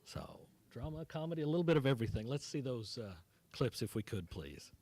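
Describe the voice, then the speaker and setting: Male moderator at a cinema event; mellow tone, measured with hesitations, dry close sound. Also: medium pitch, expressive, no echo. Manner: measured, with frequent uhs and restarts. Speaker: moderator and film critic. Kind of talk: onstage interview questions. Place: cinema stage before an audience.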